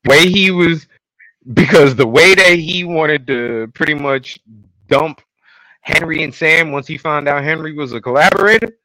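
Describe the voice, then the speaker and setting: Bright-voiced man retelling a show. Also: on the high side, unhurried, no echo, rough recording. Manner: animated retelling, acting out scenes. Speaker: podcast co-host. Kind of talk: casual recap chat.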